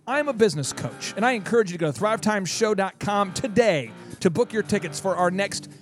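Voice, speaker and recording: A man hosting a business talk show, telling jokey stories in animated banter as a business coach. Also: high-pitched, fairly quick, soft background music. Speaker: podcast host and business coach.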